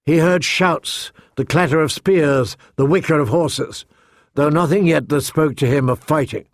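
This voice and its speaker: A man narrating a fantasy novel in steady scripted narration. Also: fairly high pitch, moderate pace, no room sound, studio quality. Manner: steady storytelling. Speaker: audiobook narrator.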